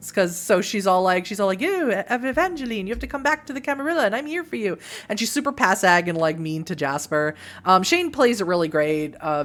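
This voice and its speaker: Giggly rambly woman doing a show recap, lowish voice, pokes fun at herself. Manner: rambling, giggly, self-deprecating. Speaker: recap vlogger.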